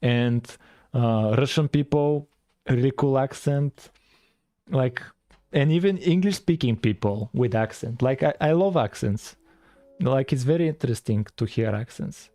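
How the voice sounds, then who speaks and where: Rambling man with a mellow voice, French-tinged accent. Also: mid-range voice, a little slow, no room sound, studio quality. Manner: rambling, filler-heavy, chats with viewers. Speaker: game-dev streamer. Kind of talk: casual live-stream chat while coding.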